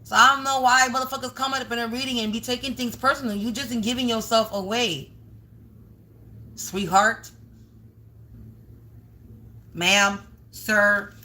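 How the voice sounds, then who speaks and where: A woman's voice: on the high side, fairly even intonation, a little slow, pauses often, sharp tone. Blunt, scolding woman tarot reader. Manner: blunt, scolding, swears often, raises voice at times. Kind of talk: confrontational livestream monologue.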